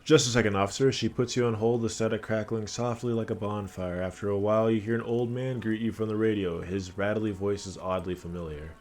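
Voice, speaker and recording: A man's voice: fairly low pitch, steady tone, fairly quick, few pauses, darkish tone. A man streaming a game, reading its narration aloud with casual asides to himself.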